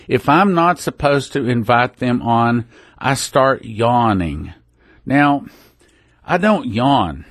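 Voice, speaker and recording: A man's voice: mid-range voice, no room sound. A man hosting a religious radio program, talking in a folksy, rambling way that often breaks off and restarts. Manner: folksy, rambling, self-interrupting. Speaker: radio ministry host. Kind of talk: casual religious radio talk. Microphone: studio microphone.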